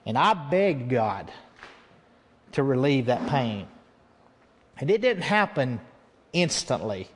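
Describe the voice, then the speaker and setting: A man's voice: medium pitch, sing-song, slow pace, pauses often, long reverb tail, a little hiss or hum. A man preaching a sermon as pastor, speaking earnestly and acting out his own prayers in the telling.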